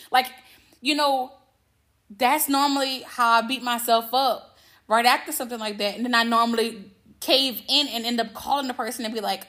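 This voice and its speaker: A woman's voice: a little high, normal speed, a bit bright. A woman hosting her own podcast, telling a personal story in a candid, profane, casual monologue and acting out the dialogue. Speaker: podcast host.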